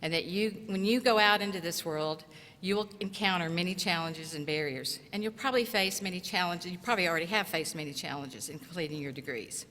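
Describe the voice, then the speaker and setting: A middle-aged woman from southeast Tennessee giving an earnest, encouraging graduation speech at a podium microphone, in short, measured phrases. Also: lowish voice, fairly bright tone. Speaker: commencement speaker and college instructor. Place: large auditorium. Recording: echoey hall reverb.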